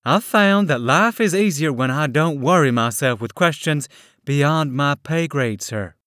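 A man's voice: a little high, animated, measured pace, fairly bright tone, no room sound, clean studio sound, voice pushed up. A man voicing a polite, composed young woman who answers with careful deference.

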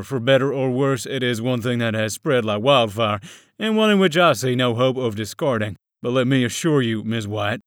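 A man voicing a genteel, calculating official who speaks in a measured, formal way. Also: medium pitch, no echo, clean studio sound, natural voice. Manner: measured, soft-spoken, formal.

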